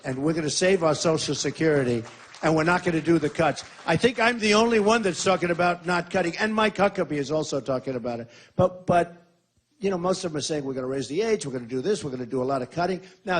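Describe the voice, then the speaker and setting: Husky man giving an emphatic campaign speech. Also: a little high. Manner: emphatic, repetitive, boastful. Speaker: presidential candidate at a rally.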